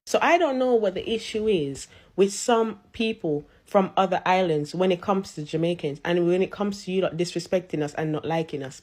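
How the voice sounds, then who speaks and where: A woman's voice: mid-range voice, darkish tone. A woman ranting to camera, mocking her critics in streetwise slang.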